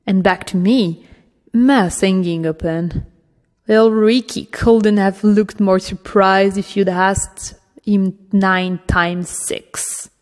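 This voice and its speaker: A woman narrating a dark fantasy audiobook at an unhurried, measured pace, her voice in the middle of the usual range. The reading carries a long reverb, as if recorded in a resonant room. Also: medium pitch. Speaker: audiobook reader.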